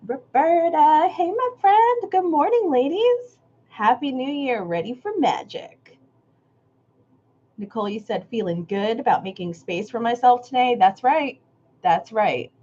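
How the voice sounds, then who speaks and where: A woman's voice: high-pitched, lively intonation, a little slow, warm tone, highs cut off. A woman hosting a live creative workshop stream, greeting viewers by name and musing reflectively on their comments.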